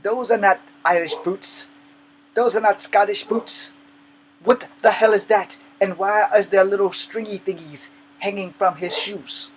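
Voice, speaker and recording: A man's voice: sits high, steady tone, unhurried, slight background noise, pitched above the performer's own voice, poor audio. A man voicing an indignant old grandfather who scolds his grandson in outraged, puzzled exclamations.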